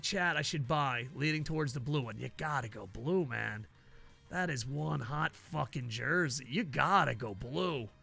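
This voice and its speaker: A man streaming a hockey video game, chatting with his viewers in a loose, profane, excitable way. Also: medium pitch, gravelly. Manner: profane, excitable banter with chat. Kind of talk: casual live gaming stream chat.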